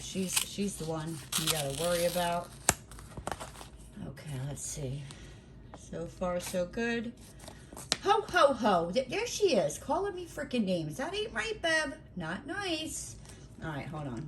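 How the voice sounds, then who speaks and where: Chatty slow-talking woman vlogger. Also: medium pitch, slight background noise. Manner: chatty, teasing, exclaiming and laughing often. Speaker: craft vlogger. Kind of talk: casual chat while opening mail.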